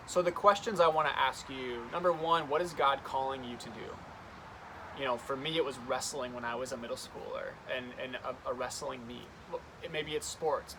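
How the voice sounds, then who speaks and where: A man's voice: mid-range voice, a bit bright, slight background noise. A young man speaking as a youth pastor, telling a story in an earnest, conversational way. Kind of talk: youth devotional talk.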